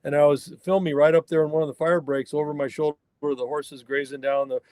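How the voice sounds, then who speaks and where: An older man from the Northern California mountains, talking in a folksy, emphatic way as he tells his story. His voice sits a bit high for a man. The close mic sounds dry. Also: little pitch movement, fairly quick, darkish tone, no echo. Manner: folksy, emphatic, acts out dialogue in anecdotes. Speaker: guest, wild horse fire researcher. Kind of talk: conversational storytelling interview.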